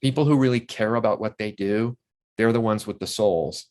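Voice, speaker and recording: Older man, interview guest, lowish voice, eager rambling stories, casual chat. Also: normal speed, a little mellow. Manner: enthusiastic, rambling anecdotes with restarts.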